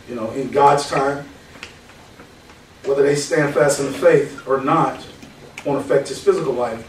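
A man's voice: on the high side, slight background noise. A man, a pastor, teaching the Bible verse by verse in a conversational way, quoting scripture and telling anecdotes. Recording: echoey hall, mic at a distance.

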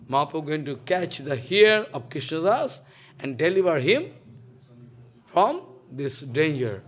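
Animated high-voiced preacher. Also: male voice. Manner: animated, dramatic retelling in broken English. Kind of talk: sermon storytelling.

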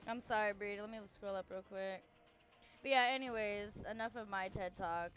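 A woman's voice: mid-range voice, a bit bright, faint music behind. A young adult woman hosting a live stream, chatting casually and rambling while she plays, swearing often and correcting herself mid-sentence. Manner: rambling and profane, quick self-corrections. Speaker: streamer host. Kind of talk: casual chat while gaming.

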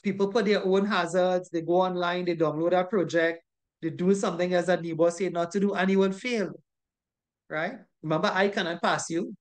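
An instructor with a Trinidadian accent teaching a recorded online class. The delivery is emphatic and scolding, hammering the same points over and over and checking in with a constant tag question. The voice sits at a middling pitch. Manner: emphatic and scolding, repeats points, ends with "right?". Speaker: safety course instructor.

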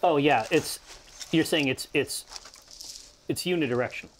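A man's voice: fairly high pitch, moderate pace, a little hiss or hum. A man chatting casually while painting miniatures, wordy and dry, searching for exact terms.

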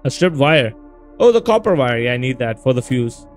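A man's voice: mid-range voice, sing-song, normal speed, soft background music. A man casually talking to himself and his viewers as he plays a horror game, reacting aloud to what he finds. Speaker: gameplay video host.

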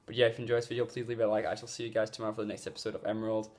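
Gaming vlogger, male, lowish voice, loose filler-heavy rambling, phone-recorded. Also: completely flat delivery, rapid-fire, darkish tone. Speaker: gaming YouTuber. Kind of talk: casual vlog talk. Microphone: phone mic.

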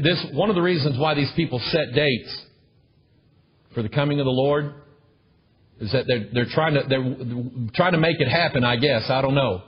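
Delivering a sermon before his congregation, this pastor has a husky, mid-range voice and hammers his point home with emphatic repetition and calls for amens. The lo-fi recording sounds dull.

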